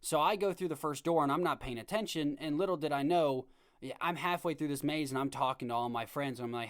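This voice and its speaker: A man in his twenties hosting a podcast, telling a story in a casual, rambling, animated way with many restarts. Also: a little high, quick pace. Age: 20s. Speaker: podcast host.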